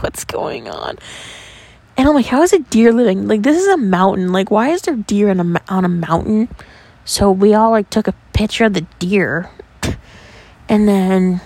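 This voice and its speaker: A young woman from New York tells stories on her podcast in a loose, chatty way. She peppers every sentence with "like" and lets the odd curse slip. Her delivery is animated and conversational. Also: medium pitch, dry recording. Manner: chatty, animated, heavy use of "like", casual swearing. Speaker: podcast host. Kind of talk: casual storytelling.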